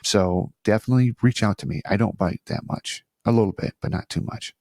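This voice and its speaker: A man's voice: lowish voice, a little fast, darkish tone, no echo, clean studio sound. A middle-aged man hosting a solo podcast, chatty and self-deprecating, rambling with frequent restarts. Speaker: podcast host. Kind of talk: casual solo podcast talk. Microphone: studio microphone on an arm.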